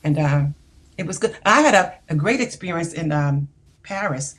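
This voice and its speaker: Animated older woman telling stories. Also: low-pitched, moderate pace. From United States. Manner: animated storyteller, laughs often, hesitant fillers. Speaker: singer and author guest. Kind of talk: casual interview chat.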